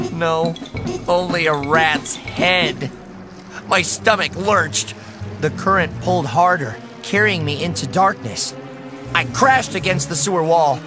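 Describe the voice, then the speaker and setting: A man reading an audiobook, voicing a frightened young boy who narrates breathlessly and cries out in panic. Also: sits high.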